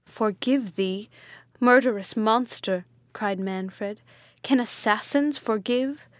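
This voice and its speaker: A woman's voice: medium pitch, fairly even intonation, unhurried, no room sound, close to an everyday voice. Furious haughty tyrant prince, read by a woman, dry sound.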